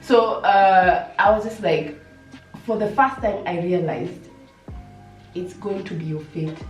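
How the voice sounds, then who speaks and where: A woman's voice: on the low side, slow, faint music behind. A woman in casual group chat, reflecting on how she copes with hard times. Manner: reflective, talks through her own coping habits. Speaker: podcast co-host. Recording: echoey room, mic at a distance.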